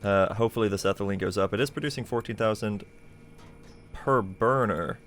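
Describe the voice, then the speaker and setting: A man's voice: fairly low pitch, fairly quick, a bit bright, slight background noise. A man streaming a game live, thinking aloud in a chatty way with plenty of fillers. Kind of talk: casual live gameplay commentary.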